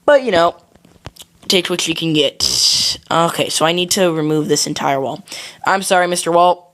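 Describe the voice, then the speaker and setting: A young man tells a rambling, jokey story while playing a game. His voice has a gravelly fry, and he keeps correcting himself with plenty of fillers. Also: fairly high pitch, normal speed, fairly bright tone. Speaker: gaming channel host. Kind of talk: casual storytelling during a game.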